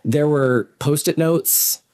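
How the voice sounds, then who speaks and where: A man co-hosting a comedy podcast, chatting in a relaxed, rambling way. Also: fairly high pitch, slow pace. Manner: laid-back, lots of fillers and agreeing. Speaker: podcast co-host. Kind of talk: casual comedic chat.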